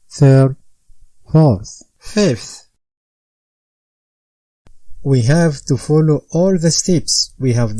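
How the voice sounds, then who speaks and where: Slow, methodical male recitation teacher. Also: mid-range voice, mellow, no echo. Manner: methodical, spells out letters and vowel marks one by one. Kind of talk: slow step-by-step instruction.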